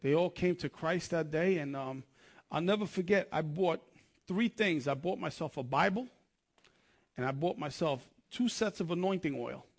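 A man's voice: a little high, lively intonation, normal speed. A man preaching a sermon, telling his testimony in an earnest, conversational way and often restarting his sentences.

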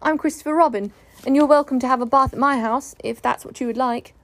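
A woman's voice: high-pitched, fast, dry recording. A woman voicing a cheerful, curious young boy in a storybook reading. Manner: cheerful and wondering.

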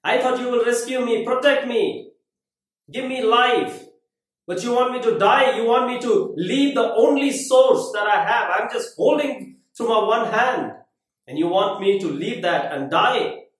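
A man voicing a proud, desperate man hanging from a cliff, raised and strained as he shouts. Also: sits high, lively intonation, normal speed, distant mic. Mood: angry. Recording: very echoey room.

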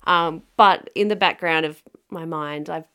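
Australian woman, podcast co-host, relaxed chatty talk, lowish voice, laughs a lot. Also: unhurried, smooth. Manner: chatty, laughs often, trails off with fillers. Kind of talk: casual chat.

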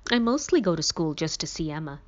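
A woman reads a first-person story aloud in a steady, even way, narrating as a teenage boy. Her voice sits on the low side. The recording sounds dull and lo-fi. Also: a little fast. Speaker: audiobook narrator.

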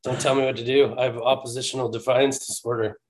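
A man's voice: medium pitch, flat delivery, fast talker. A man co-hosting a casual podcast, reading off stat lines and ribbing his partner with offhand swearing. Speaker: podcast co-host.

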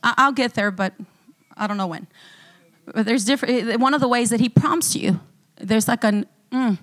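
A woman's voice: on the high side, moderate pace. A woman pastor giving a testimony during a church service, telling her story with lots of laughter. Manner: animated storytelling, breaks into laughter often. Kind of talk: sermon testimony.

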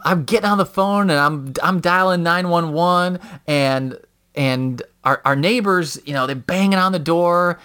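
A man telling stories in a casual podcast chat, rambling with many fillers and acting out quotes loudly. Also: fairly high pitch, measured pace, clear, resonant tone. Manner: rambling storyteller, profane, acts out quotes loudly. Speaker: podcast guest. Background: dogs nearby.

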